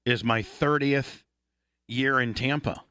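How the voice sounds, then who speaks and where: A man's voice: medium pitch, steady tone, slow, bright, forceful tone, clear, resonant tone, no room sound. A middle-aged man hosting a radio talk show, blunt and profane in crude banter.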